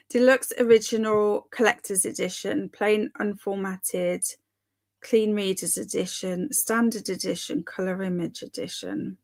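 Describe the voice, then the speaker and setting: A woman's voice: mid-range voice, fairly even intonation, measured pace, gravelly. A young woman hosting a live stream, chatting casually and reading viewer comments aloud in a giggly, bemused way. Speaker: livestream host.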